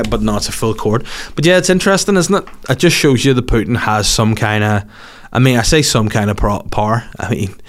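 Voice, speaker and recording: A man hosting a comedy show, riffing in a casual monologue and swearing freely. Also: fairly low pitch. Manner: swears freely, breaks into voices.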